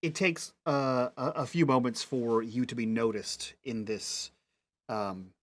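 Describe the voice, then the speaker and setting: A man narrating a tabletop game as game master, halting often as he searches for words. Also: medium pitch, fairly even intonation. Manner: halting, full of fillers and restarts.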